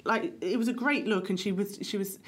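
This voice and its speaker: A woman's voice: medium pitch, breathy edge. Wry woman chatting on a podcast. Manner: conversational, wry, lists things off briskly. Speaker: podcast co-host. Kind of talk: casual chat.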